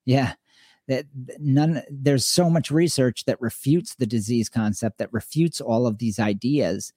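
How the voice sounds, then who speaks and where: Mellow-voiced man telling stories on a podcast. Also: medium pitch, a little slow, slightly rough, dry recording, clean studio sound. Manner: animated storyteller, acts out quoted voices. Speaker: podcast co-host. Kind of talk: casual podcast discussion.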